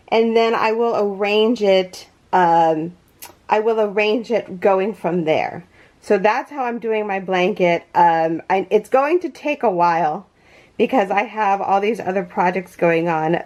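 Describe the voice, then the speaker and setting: A woman's voice: mid-range voice, a little mellow. A woman hosting a crochet vlog from her home yarn room, gushing with thanks and close to tears as she opens packages. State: near tears. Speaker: crochet channel host. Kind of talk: casual unboxing vlog.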